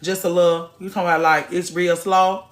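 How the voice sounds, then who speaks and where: A woman in her late thirties, chatting casually to her viewers from the gym. She talks in an animated way, swings between loud and soft, and swears freely. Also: lowish voice, a little fast. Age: late 30s. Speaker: vlogger. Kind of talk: casual chat to camera.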